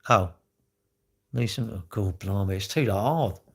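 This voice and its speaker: Gravelly man rambling on a live stream. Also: lowish voice, unhurried, fairly bright tone. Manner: rambling, cheeky, answering chat comments. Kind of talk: casual live-stream chat.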